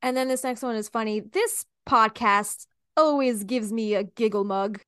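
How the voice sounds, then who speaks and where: A woman's voice: on the high side, measured pace, a bit bright, smooth, no echo, clean studio sound. A woman co-hosting a podcast in casual chat, playful and giggly as she reads out silly phrases. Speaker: podcast co-host.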